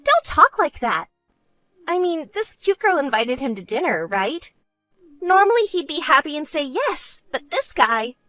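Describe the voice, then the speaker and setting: A woman voicing a vain, self-centered young woman who talks in a smug, whiny way and turns shrill when angry, in an animated story. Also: a little slow, no room sound, soft background music, heavily acted. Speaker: bride-to-be sister.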